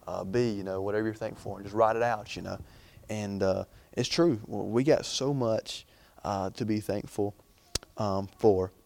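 A man's voice: fairly low pitch, fairly even intonation, moderate pace, vocal fry, darkish tone. A young man preaching an informal sermon in a chatty, rambling way, full of fillers and restarts.

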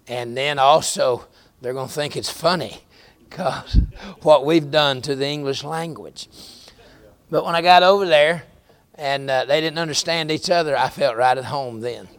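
A man's voice: mid-range voice, normal speed, clear, resonant tone, no room sound. A middle-aged man with a Southern American accent, preaching a sermon in a folksy storytelling way. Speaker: pastor.

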